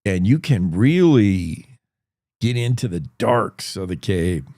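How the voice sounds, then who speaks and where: Slow, rambling male talk-show host. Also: on the low side, big pitch swings, darkish tone, no echo, clean studio sound. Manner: rambling, chatty, thinks aloud with restarts. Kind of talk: casual news chat.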